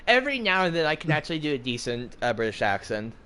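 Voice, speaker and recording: A man's voice: a little high, very animated, fast, sharp tone, a little hiss or hum. An American man in his twenties chatting casually while gaming, rambling with lots of fillers and jokes. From United States. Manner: rambling, full of fillers, jokey. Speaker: gaming streamer.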